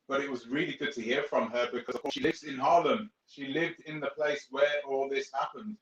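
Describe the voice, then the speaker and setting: A man's voice: mid-range voice, steady tone, a little fast, reverberant, lo-fi sound. A man hosting a live show, speaking casually and apologizing for a line delay. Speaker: host.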